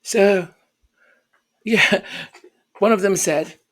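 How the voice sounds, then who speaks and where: Slow, sarcastic high-voiced man. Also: fairly bright tone. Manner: sarcastic, exasperated, repeats phrases. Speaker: royal commentary vlogger. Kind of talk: mocking commentary.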